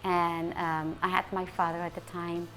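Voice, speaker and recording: A woman's voice: lowish voice, flat delivery, fairly bright tone, faint music behind. Emotional woman. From Mexico City. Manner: halting, emotional retelling with many restarts. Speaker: interviewee. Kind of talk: personal interview.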